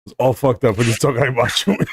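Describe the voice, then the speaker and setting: A man hosting a talk show, chatting casually with friends, rambling, swearing freely and quick to laugh. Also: medium pitch, a little hiss or hum. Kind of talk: casual group chat.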